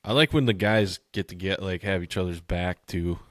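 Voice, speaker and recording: A podcast co-host rants with sarcasm and plenty of swearing. His voice runs fairly low, and the sound is dry and close to the mic. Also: normal speed, a bit bright, no echo. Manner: ranting, profane, sarcastic. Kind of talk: casual chat.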